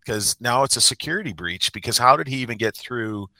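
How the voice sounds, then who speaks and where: A man's voice: mid-range voice, lively intonation, a little fast, pushed and bright, dry recording. A man who coaches a sports team, telling a rambling, self-mocking story in a casual podcast chat.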